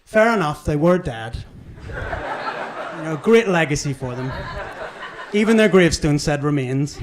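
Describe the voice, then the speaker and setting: A man's voice: on the high side, animated, measured pace. A young man with a mild Northern Irish accent doing a punchy, self-deprecating stand-up set on a comedy club stage. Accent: Northern Irish, toned down. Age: young adult. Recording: live club recording with audience noise. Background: audience laughter and cheers.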